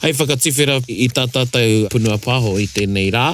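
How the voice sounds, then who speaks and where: A man's voice: medium pitch, quick pace, fairly bright tone, slight background noise. A man hosting a casual podcast, playfully teaching te reo phrases and acting out examples. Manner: playful, mixes Māori and English, acts out example lines. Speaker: host.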